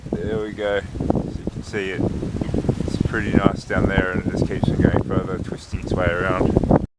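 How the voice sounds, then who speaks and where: A man chatting casually as he walks, filming a travel vlog outdoors on a camera he carries, in a relaxed, thinking-aloud manner. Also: low voice, normal speed. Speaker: travel vlogger and marathon runner. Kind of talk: casual walking vlog narration. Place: outdoors on a windy lakeside and hillside town. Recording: outdoor recording with wind and traffic noise.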